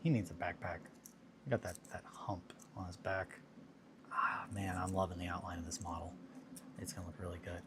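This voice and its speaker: A man with a lowish voice chats casually while he glues and builds miniatures on a hobby stream. He tells his stories in a rambling, self-deprecating way. A steady hum of background noise sits under his voice. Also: brisk. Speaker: hobby livestream host.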